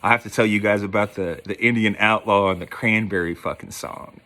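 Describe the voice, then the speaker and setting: A man's voice: lowish voice, steady tone, a little fast, sharp tone. A man telling a rambling, profane story in a casual storytelling style, with lots of fillers. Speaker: podcast host.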